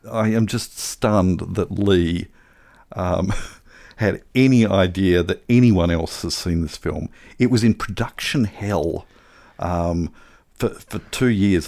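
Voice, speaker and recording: A man's voice: lowish voice, darkish tone. A middle-aged man telling a long, earnest, rambling story with many fillers during a comedy panel game. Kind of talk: comedic bluffing game chat.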